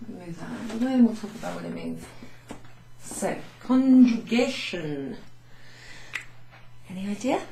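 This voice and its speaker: A woman teaching beginners French from her office, going over phrases slowly with many fillers and repeating each example. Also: fairly low pitch, dark tone, echoey room, slight background noise, low-quality recording. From Wales. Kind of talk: recorded lesson recap for students. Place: home office with blinds closed.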